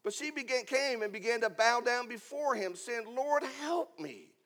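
A man preaching a sermon, swinging between loud emphatic lines and hushed asides. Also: very high voice, normal speed. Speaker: pastor.

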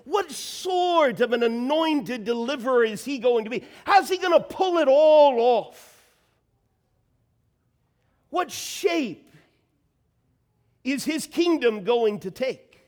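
A man's voice: extremely high pitch, lively intonation, takes it slowly, pauses often, darkish tone. A man preaching a sermon, reading Scripture and building to emphatic, rising bursts. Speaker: pastor.

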